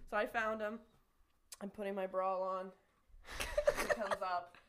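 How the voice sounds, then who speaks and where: A woman's voice: medium pitch, level tone, a little slow, heavy background noise. A young woman in her twenties telling a story in casual podcast chat. She laughs often and acts out the lines she quotes.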